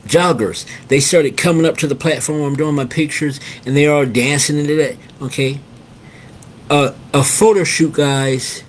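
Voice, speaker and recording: A middle-aged man hosts a casual storytelling monologue with a fairly high voice. He repeats his phrases and keeps calling out to his listeners as guys. A faint rumble sits behind him. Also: fairly even intonation, normal speed. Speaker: host.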